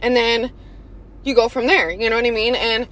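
A woman's voice: a little high, steady tone, moderate pace, a bit bright. A woman hosting a podcast in candid, casual chat, slightly out of breath and often saying "y'all". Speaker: podcast host.

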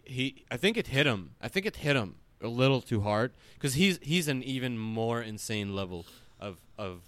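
Man, casual podcast talk, rambling, swears a lot, lively pitch, dry close mic. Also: normal speed, no room sound. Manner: rambling, animated, swears often, lots of filler words. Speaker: podcast co-host.

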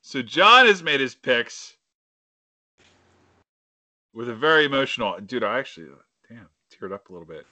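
Brash Philly-accented man, bright voice. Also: medium pitch, very animated, moderate pace, pauses often, no room sound. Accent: Philadelphia. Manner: brash, joking, swears freely. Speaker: podcast co-host. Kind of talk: casual sports chat.

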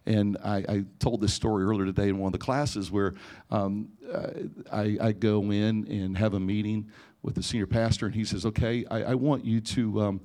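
A middle-aged man, a pastor, telling a personal story in an animated sermon before a live audience, sometimes rising to near-shouting. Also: fairly low pitch, normal speed. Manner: animated, rising to near-shouting in emotional parts, frequent restarts. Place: church or conference hall before a live audience.

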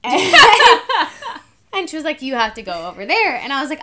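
Bright-voiced young woman telling a travel story. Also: high voice, normal speed. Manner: animated storyteller, acts out dialogue, laughs often. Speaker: podcast co-host.

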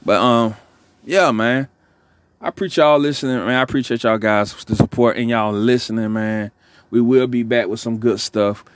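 A man hosting a podcast, rambling in relaxed slangy talk as he signs off. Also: mid-range voice, normal speed, slight background noise. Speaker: podcast host. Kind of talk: casual podcast sign-off.

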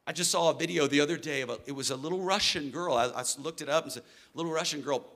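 Man, middle-aged pastor, preaching, bright voice, slightly high, shifts between hushed and loud. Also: racing. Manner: animated preaching, swings from soft to loud. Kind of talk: sermon.

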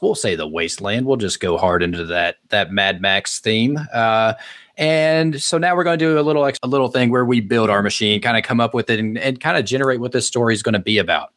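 A man's voice: medium pitch, fairly bright tone. A man hosting and running a tabletop game as game master, upbeat and loose with many fillers.

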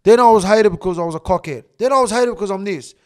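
A man's voice: high voice, fast. A man telling stories in a casual podcast chat, blunt, emphatic and swearing a lot. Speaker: podcast guest.

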